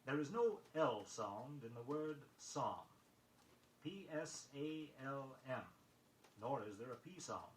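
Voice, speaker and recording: A man reading a scripted pronunciation lesson, measured and precise, spelling words letter by letter on an old record. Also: mid-range voice, animated. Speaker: vocabulary record instructor. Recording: echoey vintage vinyl recording with faint noise.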